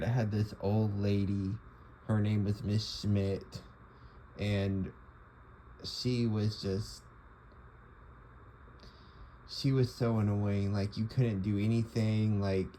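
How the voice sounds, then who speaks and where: A man's voice: on the low side, mellow, a little hiss or hum, poor audio. A young man talking casually to the camera, rambling with lots of fillers and restarts. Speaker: vlogger. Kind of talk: casual monologue.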